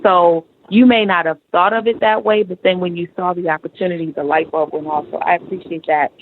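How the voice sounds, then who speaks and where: A host with a medium-pitched voice speaks in warm, affirming terms with a touch of the preacher. The voice comes over a narrow, tinny phone line. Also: steady tone, fairly quick, a little hiss or hum. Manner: encouraging, reflective, sermon-like affirmations. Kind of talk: talk show interview.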